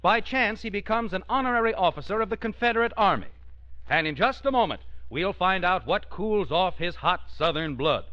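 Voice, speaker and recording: A man's voice: high-pitched, fairly quick. A man announcing a radio comedy in a scripted delivery. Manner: lively, bright announcing delivery. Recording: dull vintage radio broadcast.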